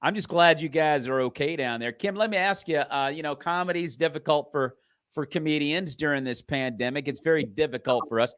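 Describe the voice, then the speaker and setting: A man hosting a talk show, hyping up his guest with an upbeat, energetic delivery. His voice sits a bit higher than most men's. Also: fairly quick, clear, resonant tone. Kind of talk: live talk show interview.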